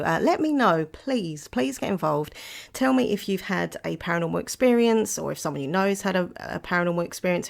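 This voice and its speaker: A woman's voice: on the low side, gravelly. A woman hosting her own podcast, rambling cheerfully on her own with plenty of giggles and asides. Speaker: podcast host. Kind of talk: casual solo chat.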